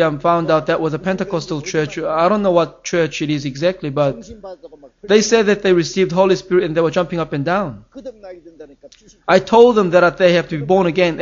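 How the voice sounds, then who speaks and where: A man's voice: on the high side, a little fast, highs cut off. A man preaching a sermon as pastor, earnest and emphatic, his voice rising on key phrases.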